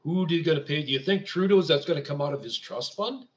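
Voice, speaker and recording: A man's voice: a little high, quick pace. Indignant ranting male show host. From Canada. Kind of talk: political commentary monologue.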